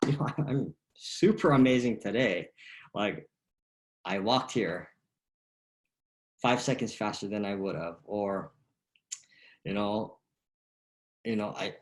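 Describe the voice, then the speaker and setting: A man giving a motivational golf lesson in a casual way, with many fillers and questions. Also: fairly low pitch. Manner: casual, lots of fillers and "right?" tags. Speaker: golf coach.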